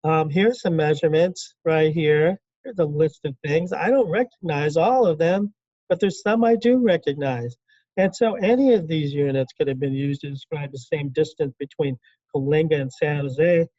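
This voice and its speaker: A man teaching a classroom lecture in a conversational way, asking the class questions and acting out quick quotes. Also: a little high, warm tone, no room sound, muffled recording. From California.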